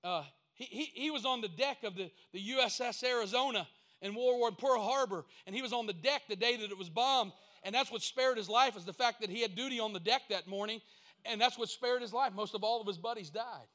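A man's voice: high-pitched, fairly quick, a bit bright. A man preaching a sermon in a folksy, storytelling way, building up to emphatic points. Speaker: pastor.

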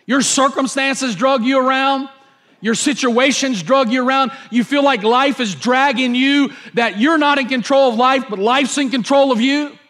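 A pastor delivers a sermon in a notably high voice for a man. He hammers his points home through repetition and brings the story to life by acting it out. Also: normal speed, fairly bright tone. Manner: repetitive, emphatic, acts out scenes.

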